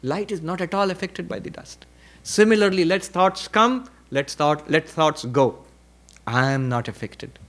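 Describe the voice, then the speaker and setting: Monk lecturer, moderately high male voice, reflective, emphatic pauses and repetition. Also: a bit bright. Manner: reflective teaching with repetition and rhetorical questions; varies pitch and pace for emphasis. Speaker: monk and spiritual teacher. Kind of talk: spiritual lecture at a retreat.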